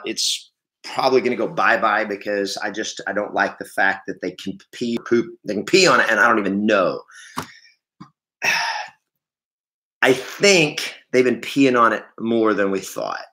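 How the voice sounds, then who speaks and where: A man's voice: lowish voice, bright, forceful tone, reverberant. A man hosting a casual morning live stream from his home training room, rambling and correcting himself as he greets viewers by name. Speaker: livestream host and real estate trainer.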